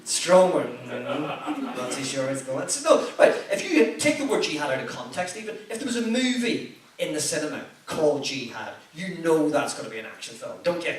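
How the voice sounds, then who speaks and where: A man's voice: a little high, big pitch swings, a little fast. A man in his thirties with a Northern Irish accent from Belfast, doing a stand-up set with swearing, self-mockery and crowd work. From Belfast, Northern Ireland. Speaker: stand-up comedian. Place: comedy club stage with a live audience. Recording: echoey venue, heard from a distance, audible noise.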